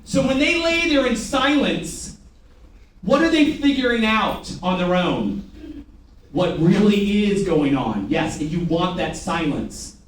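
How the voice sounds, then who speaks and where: A man's voice: high voice, big pitch swings, slow. A man leading a sales training session, commanding and drilling the audience with call and response. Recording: echoey room from a distance, faint ambience.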